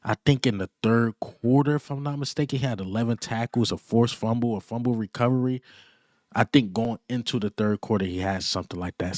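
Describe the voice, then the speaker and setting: A man giving a casual, excited fan reaction rant, boastful and full of repeated punchlines and trash talk. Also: on the low side, brisk, no echo, clean studio sound. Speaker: sports fan vlogger.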